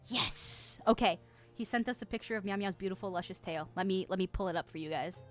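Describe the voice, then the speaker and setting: A woman in her twenties chatting casually on a live stream, reading chat aloud, giggling often and getting excited. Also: mid-range voice, fairly quick, faint music behind. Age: 20s.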